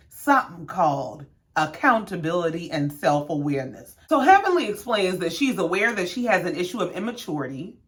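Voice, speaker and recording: A sassy woman in her thirties hosting a casual reality-TV recap. She talks in slang-filled, animated storytelling. Her pitch swings widely as she tells it.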